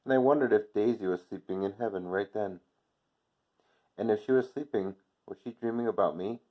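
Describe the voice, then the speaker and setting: Teacher read-aloud: deep male voice, gentle unhurried storybook narration, dull lo-fi sound. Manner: gentle, unhurried reading with soft quoted dialogue. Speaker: teacher reading aloud to class. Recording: dull lo-fi recording.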